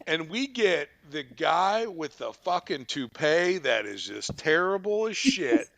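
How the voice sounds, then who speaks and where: Man, podcast host, swearing storyteller, lively ups and downs, dry close sound. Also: on the high side, takes it slowly, creaky, no room sound. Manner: animated, swearing, laughing. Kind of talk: profane comic storytelling.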